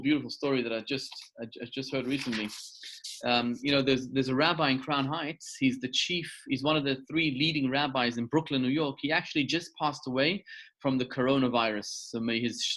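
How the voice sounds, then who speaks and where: A man's voice: medium pitch, fairly quick, fairly bright tone. A middle-aged male rabbi giving a sermon over a video call, telling a story and repeating words for emphasis.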